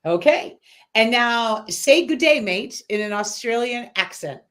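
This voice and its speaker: Woman host, high-pitched, chatty with lots of "um"s, talking over a video call. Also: expressive, a little slow, fairly bright tone. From Massachusetts. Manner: chatty, laughs often, many "um" fillers. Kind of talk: casual chat. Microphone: online video call.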